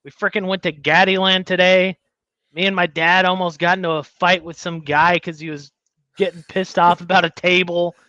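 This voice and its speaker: Guy telling a story on a podcast, high bright voice, dull lo-fi dry sound. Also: moderate pace, dry recording. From United States. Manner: animated storyteller, acts out quotes. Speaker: podcast co-host. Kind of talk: casual chat, storytelling.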